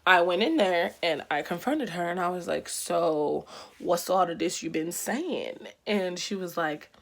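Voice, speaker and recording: A young woman vlogger telling a story in an animated, slangy way with quick asides. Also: on the low side. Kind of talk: storytime vlog.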